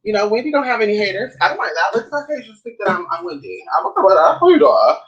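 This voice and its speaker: A woman's voice: mid-range voice, sing-song, quick pace, lo-fi sound. A woman vlogging at home, chatting to her viewers in a sassy, profane way and calling them girl and honey. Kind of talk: casual chat to camera.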